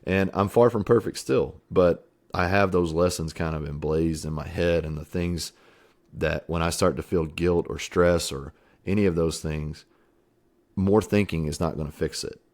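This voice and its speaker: Very deep-voiced man, earnest and reflective. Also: fairly even intonation, moderate pace, a little mellow. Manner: earnest, reflective, swears casually, many fillers. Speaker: podcast guest. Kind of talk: candid interview storytelling.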